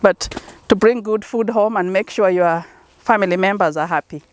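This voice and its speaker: A woman's voice: mid-range voice, moderate pace. A middle-aged woman with a Kenyan accent, a corn farmer answering interview questions in an earnest, encouraging, storytelling way. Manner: earnest and encouraging, telling stories.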